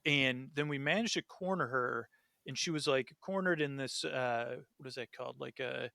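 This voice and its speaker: A man, a podcast guest, telling a dream story in casual chat, rambling and animated with lots of fillers. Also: mid-range voice, moderate pace, vocal fry, no echo, studio quality.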